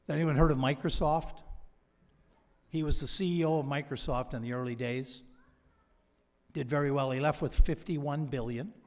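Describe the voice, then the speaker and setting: A man giving a convocation speech from a podium, telling stories and quoting people he met. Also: medium pitch. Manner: storytelling, quoting others. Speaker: convocation speaker. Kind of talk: ceremonial speech with anecdotes. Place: large hall. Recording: long hall reverb.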